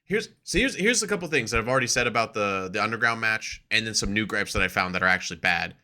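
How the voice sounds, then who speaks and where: A man co-hosting a casual wrestling podcast, talking excitedly with plenty of swearing. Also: fairly low pitch, fast. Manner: excitable, profane, acts out quotes. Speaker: podcast co-host.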